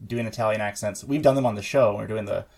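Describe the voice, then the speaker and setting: Crowd noise sits behind a young man co-hosting a podcast in a fairly low, creaky voice. He talks fast and casually, wandering off track with plenty of fillers and restarts.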